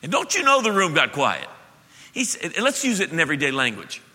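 A middle-aged male pastor preaches with impassioned emphasis, his voice a little high and very bright. The sound rings with the long reverb of a church hall. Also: huge pitch swings, a little fast. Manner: impassioned, emphatic preaching that swings from loud to soft. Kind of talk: sermon. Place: church sanctuary.

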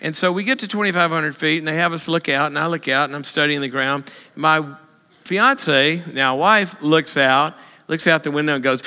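A man telling a funny story to a church audience, animated and self-mocking, acting out the other people's voices. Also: normal speed. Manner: animated, self-mocking, acts out voices with big pitch jumps. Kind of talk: humorous storytelling talk. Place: church hall. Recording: long hall reverb.

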